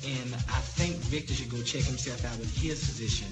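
A man playing a caller who leaves a crude message in a matter-of-fact, drawn-out comic tone. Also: mid-range voice, over loud music, close to an everyday voice. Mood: deadpan.

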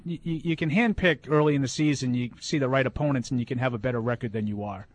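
A man's voice: mid-range voice, quick pace. A man co-hosting a sports radio show, casually making picks and defending his own theory.

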